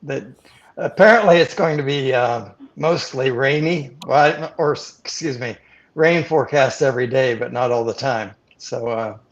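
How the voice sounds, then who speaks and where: A man chatting casually as a guest on a live stream, talking in a relaxed way with hesitations and fillers. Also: mid-range voice, normal speed, highs cut off. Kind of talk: casual chat.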